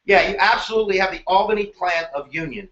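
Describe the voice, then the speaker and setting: An energetic male history teacher runs a live exam review at a fast pace, his voice high and bright. He's animated and joking, slipping into silly voices, while the stream sounds roomy and dull like lo-fi audio.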